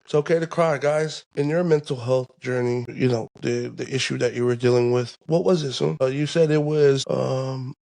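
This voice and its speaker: A man's voice: medium pitch, fairly even intonation, moderate pace, gravelly, few pauses, warm tone. A young man hosting a podcast, talking in a laid-back way with lots of fillers and slang. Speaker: podcast host. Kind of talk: casual podcast chat.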